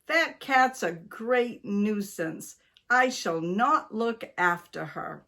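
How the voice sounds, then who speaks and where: A man's voice: sits high, animated, slow pace, bright, forceful tone, full character voice. A woman voicing a fussy, helpless older husband who grumbles and frets. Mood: fretful.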